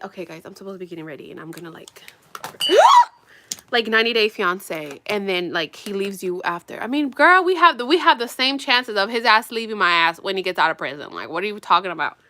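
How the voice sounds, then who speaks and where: A young woman vlogging while getting ready, talking bluntly and with lots of swearing, swinging between loud outbursts and low mutters. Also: quick pace, a little hiss or hum. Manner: animated, blunt and profane, drops to mutters. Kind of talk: casual get-ready-with-me rant.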